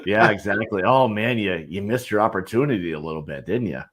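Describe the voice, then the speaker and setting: A man's voice: fairly low pitch, fairly quick, fairly bright tone, slight background noise. A man co-hosting a casual bourbon tasting, thoughtful and hesitant as he describes flavors. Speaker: podcast co-host.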